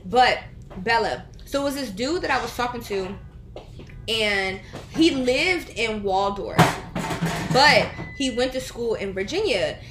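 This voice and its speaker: A woman's voice: fairly high pitch, lively intonation, unhurried, noisy background. A young woman co-hosting a podcast, chatting casually and telling rambling stories while she eats. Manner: rambling storyteller, talks while eating. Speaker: podcast co-host. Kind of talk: casual chat. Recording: echoey room.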